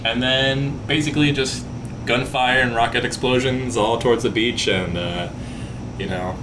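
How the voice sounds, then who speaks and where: A man's voice: mid-range voice, fairly even intonation, moderate pace, background noise. A man co-hosting a podcast, casually recapping a film with lots of fillers. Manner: rambling, filler-heavy recap. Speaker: podcast co-host. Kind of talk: casual chat.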